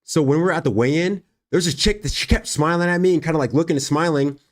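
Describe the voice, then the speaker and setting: Fast-talking and fairly high-pitched, this young livestream host and fighter spins a casual story. He's animated, performs the dialogue himself, and laughs frequently.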